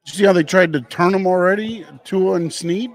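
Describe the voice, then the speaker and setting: A man's voice: high-pitched, moderate pace. A man co-hosting a sports talk show, chatting casually and animatedly, laughing as he tells a story.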